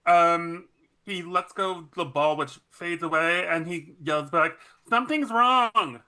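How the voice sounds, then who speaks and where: A man playing a tabletop game, narrating his character's actions in a measured way. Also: on the high side, flat delivery, sharp tone, smooth. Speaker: player.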